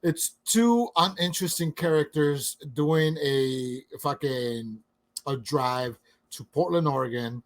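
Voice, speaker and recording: Blunt, profane podcast co-host. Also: male voice, on the high side, slow pace. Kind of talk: casual movie review chat.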